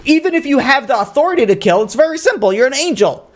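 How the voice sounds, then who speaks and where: A man, a rabbi, teaching a lively Torah class, asking rhetorical questions and acting out story dialogue with Hebrew terms mixed in. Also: very high voice, fast talker. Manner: sprinkles Hebrew and Aramaic learning terms. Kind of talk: lively lecture.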